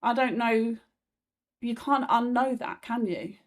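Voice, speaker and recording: Candid, swearing woman with a higher voice. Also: takes it slowly. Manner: frank, swears freely, self-reflective. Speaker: guest, comedian. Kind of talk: candid conversation.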